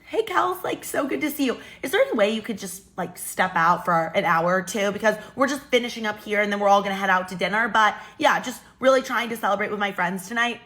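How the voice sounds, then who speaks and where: A woman's voice: mid-range voice, lively intonation, quick pace, hardly any pauses, fairly bright tone, lightly acted. A woman doing a breezy, entitled young freeloader. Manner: breezy, filler-heavy "like" talk.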